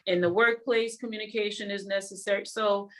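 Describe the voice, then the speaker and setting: A woman's voice: medium pitch, fairly even intonation, fairly quick, a bit bright. A woman guest on a talk show, explaining communication and demonstrating word emphasis. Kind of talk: conversational interview.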